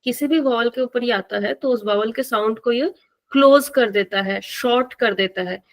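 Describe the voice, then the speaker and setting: A woman teaching a live online language class, slow and patient, repeating words for the students to drill. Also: on the high side, poor audio.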